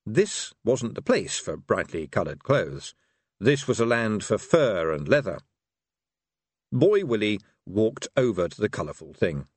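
A male narrator reading fiction with a wry, expressive touch. His pitch moves a great deal from line to line. The recording is dry and close, with no room sound. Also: unhurried, no echo. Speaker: audiobook narrator. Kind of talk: scripted narration.

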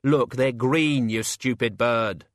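A man voicing a sharp, no-nonsense young woman who talks bluntly and wearily. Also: mid-range voice, no echo, clean studio sound, lightly acted. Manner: brisk, weary and blunt.

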